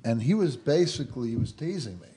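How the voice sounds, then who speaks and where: A man hosting a talk show, telling a family story in an animated way and laughing as he goes. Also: medium pitch, fast, breathy edge. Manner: lively, laughs through his stories. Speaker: host.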